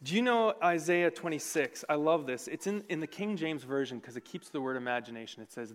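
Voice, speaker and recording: A man preaching a sermon in a church, earnest and conversational, with sudden swings between loud and soft. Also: fairly high pitch, expressive, a little fast, few pauses. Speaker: pastor. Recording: long reverb of a large hall.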